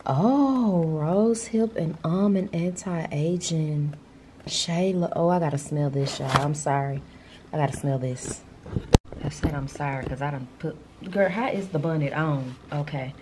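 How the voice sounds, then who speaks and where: A woman's voice: low voice, measured pace, background noise. Chatty woman vlogging on a phone. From Texas. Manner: animated, slangy, talks straight to viewers. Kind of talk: casual chatty vlog. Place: out and about, in car and shops, then at home.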